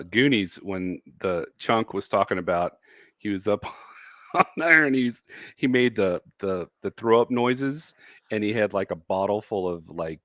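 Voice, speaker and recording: Lower-voiced man in casual chat. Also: fairly bright tone, dry recording, clean studio sound. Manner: chuckling, easygoing listener. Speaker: co-host.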